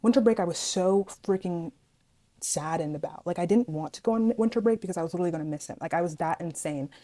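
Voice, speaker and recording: A young woman vlogger telling a story from school in an animated, dramatic way, acting out what people said. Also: lowish voice, quick pace. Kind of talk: casual storytime vlog.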